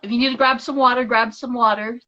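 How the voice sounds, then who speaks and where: A woman hosts a live-streamed interview, talking warmly and effusively to her viewers in a high, bright voice. She speaks slowly. The audio is a little dull and lo-fi, as on a stream. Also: steady tone. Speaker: podcast host.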